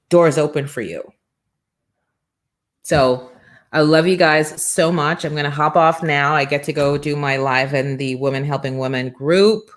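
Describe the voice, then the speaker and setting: A middle-aged woman hosting a morning livestream show, giving an energetic, preachy motivational talk and acting out little quoted exchanges. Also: low voice, a little slow.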